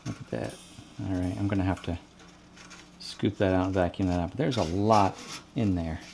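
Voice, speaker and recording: A man's voice: deep voice, lively intonation, moderate pace, gravelly, background noise. A man hosting his own home-repair video, explaining each step plainly and thinking aloud as he works. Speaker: DIY channel host. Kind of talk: casual how-to narration.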